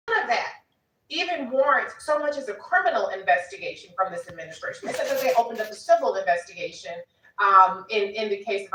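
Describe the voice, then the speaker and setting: A woman commentator on a political panel, building her argument deliberately. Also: high-pitched, sharp tone. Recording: roomy echo from a distant mic.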